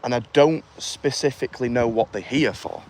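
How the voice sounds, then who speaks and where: A man livestreaming from an outdoor car park at night on a handheld phone, chatting quietly and reading out chat comments. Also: medium pitch, moderate pace. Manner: chatty, quietly conspiratorial, reads comments aloud. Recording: clear outdoor urban noise.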